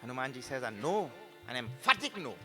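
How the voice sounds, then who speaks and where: A man giving a spiritual discourse, animated and full of rhetorical tag questions like "correct or not?". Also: mid-range voice, a little fast. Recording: hall reverb with faint music behind.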